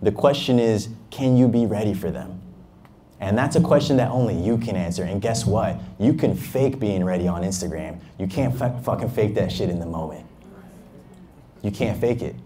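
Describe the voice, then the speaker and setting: A young man from Harlem speaks as a guest at a fireside chat. His voice sits low and mellow with a faint hiss underneath. He drives his points home emphatically and tosses in casual curses. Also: moderate pace. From Harlem, New York. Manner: emphatic, motivational storytelling with casual swearing. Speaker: entrepreneur, interview guest.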